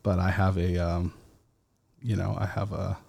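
A man hosting a casual solo podcast, talking slowly and haltingly with many fillers, still foggy after an edible. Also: low voice, flat delivery, gravelly, darkish tone. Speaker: podcast host.

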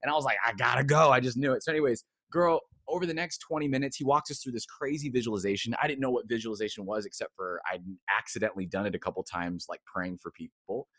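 A man, a former pastor turned coach, telling his story as an interview guest in a casual, animated way, acting out quotes. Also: medium pitch, quick pace, few pauses, no echo, studio quality. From United States. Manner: casual, expressive, acts out quotes with big swings.

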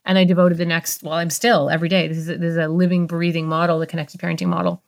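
A woman's voice: on the low side, level tone, racing, creaky. A woman in her fifties, a guest expert on a podcast, telling a story from her career in an earnest, heartfelt way. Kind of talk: interview storytelling.

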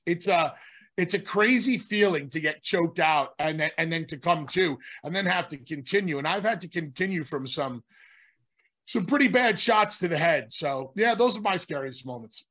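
A man's voice: high voice, normal speed, a bit bright. A middle-aged man, a podcast co-host, telling rambling stories in casual chat, often restarting his sentences. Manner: rambling, restarts, self-interrupting. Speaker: podcast co-host, former wrestler. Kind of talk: casual storytelling.

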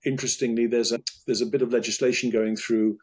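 Brief: middle-aged British doctor, husky and measured, restarts often. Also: male voice, mid-range voice, little pitch movement, darkish tone. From United Kingdom. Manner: thoughtful, with many restarts and repeated words. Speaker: urologist guest. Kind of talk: interview conversation.

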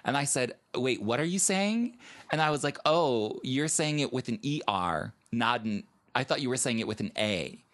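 A young adult man co-hosting a podcast, talking in an expressive, laugh-filled casual way. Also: medium pitch, normal speed, few pauses. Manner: lively, laughs often, expressive. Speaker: podcast co-host. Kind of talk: casual chat.

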